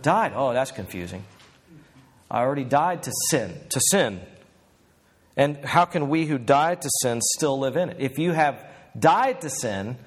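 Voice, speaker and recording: A middle-aged man delivering a sermon at a steady, middle pitch. He talks earnestly and conversationally, often turning to his listeners with questions as he goes. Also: a little slow. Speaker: preacher.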